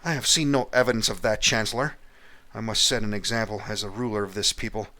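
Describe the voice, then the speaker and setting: A man's voice: lowish voice, steady tone, fast. A man voicing a pompous, short-tempered king who barks orders. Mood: imperious. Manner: loud, haughty and commanding.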